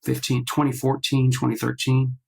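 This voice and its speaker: A man with a gravelly, fry-edged voice at a middle pitch, talking over a video call. He tells his stories in halting bursts, full of fillers and restarts, and slips into the voices of the people he quotes. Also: monotone, rough recording. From based in Nashville. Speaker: guest artist. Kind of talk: casual interview storytelling.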